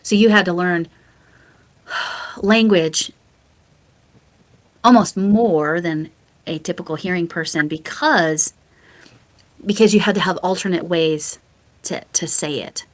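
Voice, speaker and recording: A woman speaking as a guest on a relaxed online interview. Her voice sits a little low, and she talks in a friendly, chatty way, often laughing between points. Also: takes it slowly, pauses often. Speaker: interview guest, fellow creator. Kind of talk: casual video interview chat.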